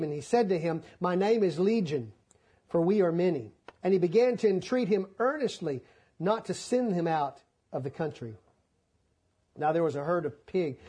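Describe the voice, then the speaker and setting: A folksy male preacher delivering a sermon with a husky, somewhat high voice. He reads scripture and then retells it in homespun, joking terms. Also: warm tone.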